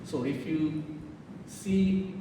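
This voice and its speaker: A man giving a club presentation, explaining things in an unhurried way with fillers and self-corrections. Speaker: orchid society speaker. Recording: roomy hall, distant mic, faint rumble.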